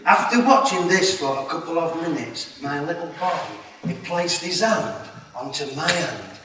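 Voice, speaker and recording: A man's voice: on the high side, expressive, normal speed, pushed and bright, a little hiss or hum. A young man with a Yorkshire accent giving a motivational keynote speech, stammering and repeating words as he speaks. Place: large hall. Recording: echoey hall, from far off.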